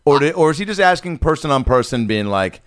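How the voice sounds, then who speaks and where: A man's voice: a little high, lively intonation, fast talker, a bit bright, dry recording, clean studio sound. A man, a comedian co-hosting a podcast, chatting casually with playful jokes and asides. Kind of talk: casual chat.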